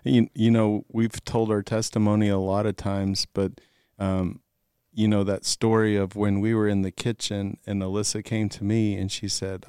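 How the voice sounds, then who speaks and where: Man guest, low and smooth, relaxed storyteller, dry close sound. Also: normal speed, no echo. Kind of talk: casual faith-based chat.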